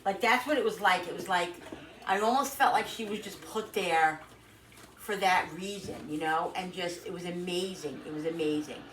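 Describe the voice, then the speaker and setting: A middle-aged woman vlogger with a fairly low voice speaks at a moderate pace, telling a personal story in an emotional, rambling way and repeating herself. The mic sits at a distance, picking up roomy echo and noise.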